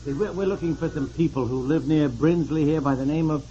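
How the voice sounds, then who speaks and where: An actor playing a teasing, wry husband on a family trip, in a 1950s radio comedy. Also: male voice, a little high, a little fast, dark tone, close to an everyday voice. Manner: teasing, wry, prone to chuckling. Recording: dull old radio recording with faint hiss.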